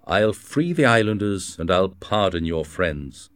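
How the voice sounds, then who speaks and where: A man's voice: low-pitched, very animated, measured pace, smooth, no room sound, studio quality. A man reading the part of a commanding young French king in a formal, authoritative way. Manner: firm, formal, authoritative delivery.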